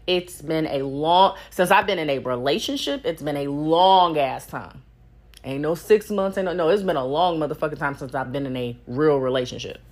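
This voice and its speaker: A young woman hosts her own podcast, chatting solo in a casual, candid way. Her voice sits low and moves at normal speed, and she swears freely and laughs often.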